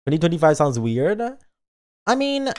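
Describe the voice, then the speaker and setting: Playful, animated male streamer. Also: a little high, moderate pace. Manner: playful and dramatic, acts out his own thoughts aloud. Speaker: virtual streamer. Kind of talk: casual live-stream chat.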